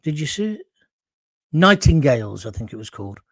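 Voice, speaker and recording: A man's voice: on the high side, sing-song, a little fast, no echo, clean studio sound. A middle-aged man hosting a live talk show, chatting through viewer comments and wandering into anecdotes.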